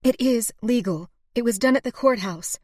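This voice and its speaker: A woman voicing a defiant young frontier wife who speaks heatedly and forcefully. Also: on the high side, moderate pace, dry recording, studio quality, pitched above the performer's own voice, natural voice.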